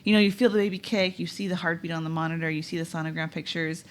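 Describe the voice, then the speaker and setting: Soft-spoken young mom reminiscing. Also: female voice, fairly low pitch, steady tone, fast talker. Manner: soft, reflective, laughs often. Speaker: podcast co-host, new mother. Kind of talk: casual storytelling chat. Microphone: podcast microphone.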